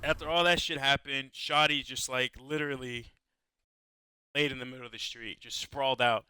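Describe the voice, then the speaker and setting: A man's voice: medium pitch, fairly even intonation, moderate pace, pushed and bright, clean tone, no room sound. A young American man on a podcast, telling long, profane stories full of "like". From United States. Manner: profane, rambling storytelling full of "like". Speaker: podcast co-host. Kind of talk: casual podcast chat.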